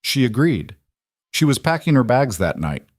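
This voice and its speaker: A man voicing a desperate older male ranch bookkeeper who pleads, his voice rising higher than the narration. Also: big pitch swings, moderate pace, no room sound, studio quality, close to an everyday voice.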